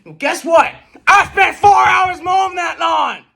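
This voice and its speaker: Someone playing a grumpy old man rants about kids on his lawn and breaks into shouting. The voice is gravelly with wild pitch swings, and the pace is slow. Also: animated, exaggerated voice. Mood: cranky. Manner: cranky, shouting outbursts. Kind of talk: amateur comedy sketch acting.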